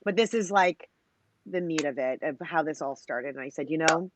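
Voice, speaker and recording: A woman's voice: deep voice, moderate pace, background noise. A woman in her thirties, a company founder, tells her story in a casual interview. She is long-winded, scatters "you know" and "like" through her talk, and acts out the lines she quotes. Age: 30s.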